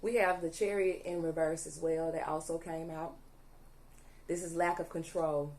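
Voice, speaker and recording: A woman's voice: sits low, fairly even intonation, moderate pace, darkish tone. A young woman reading tarot cards to her viewers, emphatic and repetitive, often stopping to ask "okay?". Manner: emphatic, repeats "allegedly" and "okay?", audibly angry at times. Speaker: tarot reader.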